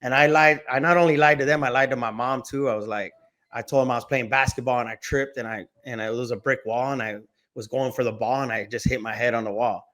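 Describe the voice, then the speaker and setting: A man's voice: mid-range voice, quick pace. A man, a guest casually telling a story in a slangy, laid-back way. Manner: laid-back, slangy, animated when acting out quotes.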